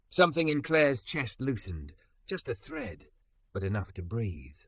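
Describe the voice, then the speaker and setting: A man narrating a scripted romance story in a dramatic, measured way. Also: medium pitch, very animated, a bit bright, dry recording.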